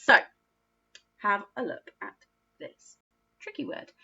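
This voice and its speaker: A woman leads a phonics lesson for young children at an unhurried pace, stretching out each sound. Her voice is bright and swoops up and down in a sing-song way, full of encouragement and praise. The recording sounds a little muffled. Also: mid-range voice, lively intonation, gravelly, breathy edge. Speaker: primary school teacher.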